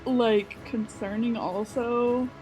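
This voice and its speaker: A woman playing in a tabletop role-playing game, casual and unhurried, often saying "like". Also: fairly high pitch, fairly even intonation, dark tone, soft background music, poor audio. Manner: slow, casual, says "like" often. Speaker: player.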